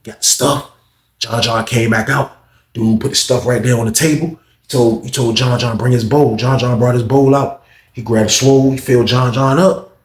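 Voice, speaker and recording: A man telling a story casually, animated and slangy, acting out the people in it. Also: on the low side. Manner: animated, slangy, voices characters. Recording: roomy echo.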